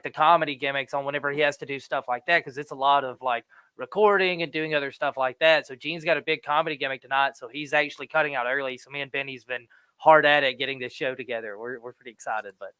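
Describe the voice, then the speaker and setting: A man's voice: medium pitch, bright, forceful tone, smooth, no room sound. A man co-hosting a live show, loose and rambling, laughing often. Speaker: co-host. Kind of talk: casual live show banter.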